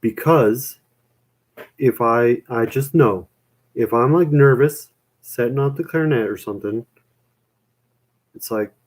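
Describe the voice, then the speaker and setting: A young man talking in a loose, rambling way, tossing "man" and "dude" into nearly every line. His voice sits at an everyday middle pitch, and he chats casually with people watching, poking fun at himself as he goes. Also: measured pace, long pauses, low-quality recording. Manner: rambling, self-mocking, full of "man" and "dude". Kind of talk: casual chat reacting to chat.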